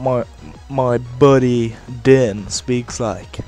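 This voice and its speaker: A young man rambling casually through a let's-play of a game on a headset mic, with lots of fillers and sudden shouts of frustration. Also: medium pitch, steady tone, slow pace, soft background music. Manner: rambling, filler-heavy, bursts into rage shouts. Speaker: gaming video host.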